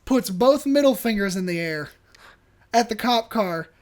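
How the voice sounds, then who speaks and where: A man's voice: sits high, a little slow. Laughing young-sounding man telling stories. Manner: animated, laughs often mid-story. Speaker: podcast co-host. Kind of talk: casual storytelling.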